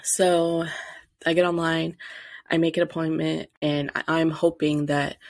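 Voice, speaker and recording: Young female podcast host, low voice with vocal fry, chatty storyteller who acts out the quotes. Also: no room sound, studio quality. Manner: animated, acts out quotes, many fillers. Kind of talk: casual storytelling.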